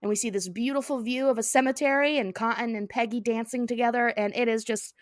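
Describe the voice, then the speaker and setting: A woman's voice: on the high side, fairly even intonation, quick pace, no echo, studio quality. A woman co-hosting a podcast, animatedly recapping a cartoon episode and laughing often. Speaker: podcast co-host.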